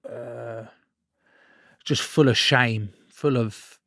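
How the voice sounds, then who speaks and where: A man in his thirties speaks as a podcast guest, blunt and sweary with a self-mocking edge. His pitch sits mid-range for a man, and the sound is close and dry with no room echo. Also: fairly even intonation, drawn-out words, vocal fry, a bit bright. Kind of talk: candid conversational storytelling.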